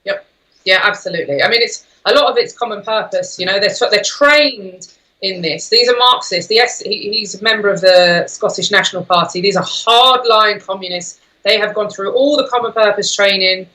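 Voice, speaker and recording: A woman speaking as a guest on a political talk show, forceful and indignant. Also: medium pitch, moderate pace, low-quality recording.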